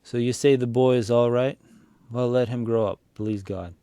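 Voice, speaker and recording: A man's voice: medium pitch, steady tone, normal speed, dark tone, smooth, dry recording, studio quality, natural voice. A man reading aloud, voicing a fearful, pious old village grandfather who frets and grows tearful. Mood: anxious, pious. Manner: anxious, tearful.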